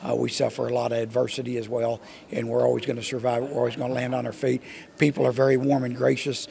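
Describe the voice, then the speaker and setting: Gravelly Oklahoma man, flat voice. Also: medium pitch, fast. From Oklahoma, USA. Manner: friendly, with many "uh" restarts. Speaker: visiting farmer. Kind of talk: casual interview answers.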